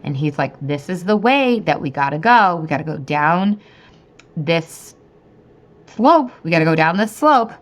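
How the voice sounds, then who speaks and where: A woman in her thirties hosting a podcast, telling a story in a chatty, animated way and often talking straight to her listeners. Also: lowish voice, unhurried. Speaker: podcast host and weight-loss coach. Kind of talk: casual storytelling monologue.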